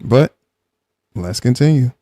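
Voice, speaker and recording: A man hosting a live reaction stream, arguing with a guest and then calmly explaining his side to the chat. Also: medium pitch, slow, dry recording. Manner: argumentative, calm when explaining to chat.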